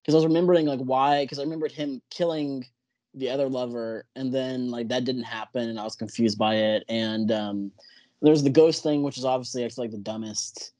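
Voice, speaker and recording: A man hosting a film podcast, chatting casually in a halting, hedging way. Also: medium pitch, steady tone, dark tone, dry recording. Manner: halting, hedging, trails off in restarts. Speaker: podcast host.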